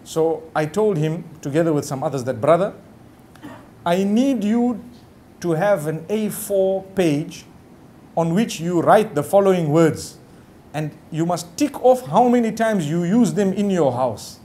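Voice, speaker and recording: Man, high pitch, Islamic preacher, chatty lecture, faint background hum. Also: lively intonation, unhurried, mellow. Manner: conversational, with frequent "you know" asides; acts out the quoted lines of others. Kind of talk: lecture to a live audience.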